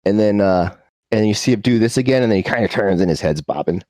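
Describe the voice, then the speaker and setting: Lively low-voiced male game master. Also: fast talker, no room sound. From United States. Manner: casual, rambling with fillers. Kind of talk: narrating a tabletop game.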